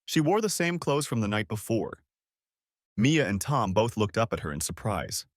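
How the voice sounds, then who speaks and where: A man narrating a first-person audio story in a measured, calm manner. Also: lowish voice, no echo, studio quality.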